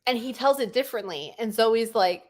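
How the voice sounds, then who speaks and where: In a casual podcast chat, a young female co-host laughs frequently and leans on fillers. Her voice runs on the high side at a moderate pace.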